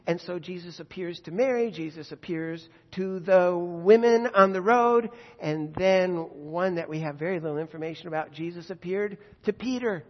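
A man preacher retelling a scripture story in a conversational sermon, with vivid asides and rhetorical questions. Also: sits high. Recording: dull lo-fi echoey hall.

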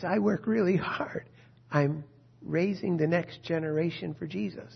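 A husky, rather high-voiced man preaches with passion, pressing question after question on his listeners. The recording is dull and lo-fi, and his tone keeps an urgent edge throughout. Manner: impassioned, rhetorical questions. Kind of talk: sermon.

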